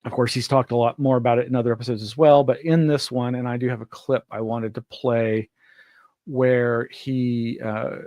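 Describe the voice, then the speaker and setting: A man hosts a weekly news round-up, talking in a chatty, meandering way with mid-range pitch. The sound is dry and close, with no room echo. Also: steady tone, moderate pace, warm tone. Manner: chatty, meandering, laughs often. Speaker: host. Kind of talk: casual news commentary.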